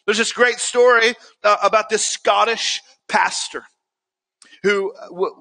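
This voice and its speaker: A man's voice: sits high, pushed and bright, long reverb tail. A male pastor preaching a sermon earnestly, building to emphatic peaks.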